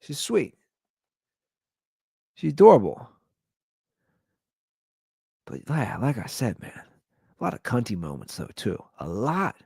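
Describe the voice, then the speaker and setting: A man in his thirties hosting his own podcast, telling stories in a casual comedic rant and jumping into high-pitched quoted voices. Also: wildly swooping pitch, slow pace, creaky, pauses often, a little mellow, slightly rough, no echo, clean studio sound. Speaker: podcast host.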